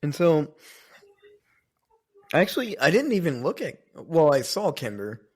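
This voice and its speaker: A man's voice: fairly high pitch, very animated, a little slow, a little mellow, breathy edge. A man co-hosting a podcast, telling a story in a rambling, casual way, with many fillers and some swearing. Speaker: podcast co-host.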